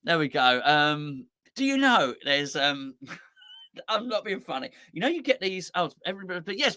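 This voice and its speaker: A man's voice: sits high, sharp tone, no room sound, clean studio sound. Rambling man with a sore throat. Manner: rambling, jokey and self-mocking, with many restarts. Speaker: football fan channel host. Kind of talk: casual live chat.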